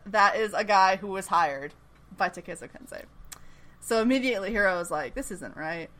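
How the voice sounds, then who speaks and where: A woman's voice: mid-range voice, fairly quick. A woman co-hosting a casual podcast, recapping a TV episode with lots of laughter and playful voices for the characters. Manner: animated, laughs often, acts out characters' lines. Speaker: podcast co-host recapping a TV show. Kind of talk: casual chat.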